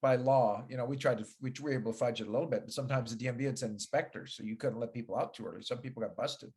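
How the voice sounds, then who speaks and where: A middle-aged man, a stand-up comedian guest in casual chat, telling dry jokes and trailing off quieter at the ends. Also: mid-range voice, rapid-fire, husky.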